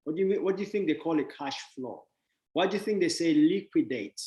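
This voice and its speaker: A man's voice: on the high side, animated, fast, mellow. Echoey, blunt man lecturing on money. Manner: playful, teasing wordplay with laughs, blunt. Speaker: speaker giving a money talk. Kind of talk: motivational talk to an audience.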